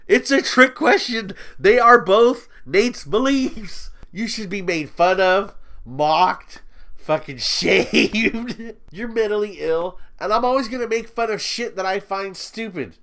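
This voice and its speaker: A man's voice: high-pitched, takes it slowly, a bit bright. A man ranting in a commentary video, profane, mocking and sneering as he talks down to his target. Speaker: YouTube commentator.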